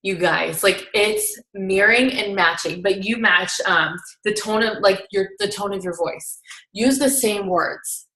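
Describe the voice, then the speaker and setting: A woman's voice: mid-range voice, a little slow, pushed and bright. Chatty young woman in an echoey room. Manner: chatty, heavy use of filler "like"; earnest, coaching tone. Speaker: vlogger recapping a seminar. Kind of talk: casual chat.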